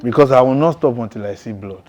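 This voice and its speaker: A man's voice: medium pitch, fast talker, a little mellow. A man giving a testimony sermon, telling his story intensely and emphatically, with frequent chuckles.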